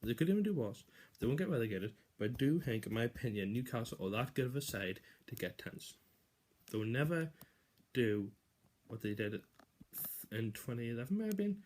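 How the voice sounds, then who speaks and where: A man's voice: medium pitch, very animated, normal speed, a little mellow, slight background noise. A young man casually giving football predictions, rambling, swearing and restarting sentences often.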